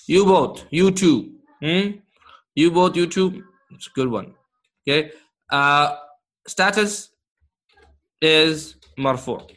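A man's voice: on the high side, a bit bright. A man teaching an interactive grammar lesson, quizzing his class and praising answers as he goes. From Canada. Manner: slow, encouraging, quizzes the class with quick praise. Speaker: Arabic teacher.

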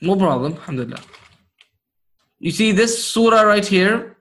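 A man's voice: high voice, lively intonation, normal speed, fairly bright tone. A man teaching Arabic grammar to a class, repeating key points and checking understanding with short questions. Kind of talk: classroom lesson explaining Quranic grammar.

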